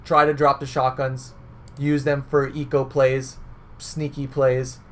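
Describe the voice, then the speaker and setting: A man's voice: medium pitch, little pitch movement, slow, a bit bright. A young man giving casual game coaching, chatty and loose, often tagging on "right?" and fillers. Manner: conversational, filler-heavy, repeats "right?".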